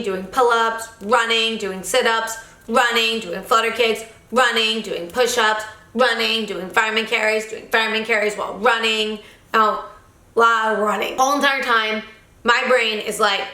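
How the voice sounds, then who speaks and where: Bright-voiced woman telling her story. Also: mid-range voice, echoey room. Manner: candid, animated storytelling. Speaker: vlogger. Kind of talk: reflective vlog narration.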